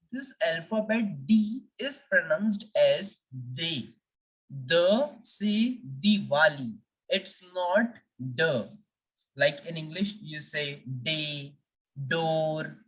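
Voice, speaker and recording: A woman teaching the French alphabet, speaking deliberately and repeating each letter for learners. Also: lowish voice, expressive, recorded from a distance, rough recording. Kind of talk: language lesson.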